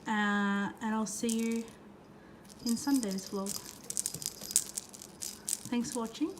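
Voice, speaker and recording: Slow-talking woman vlogger, chatty. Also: a little high, fairly even intonation, a little hiss or hum. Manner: chatty, cooing at her pets. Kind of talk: casual vlog chat. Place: outdoors in front of an ice cream shop, then at home.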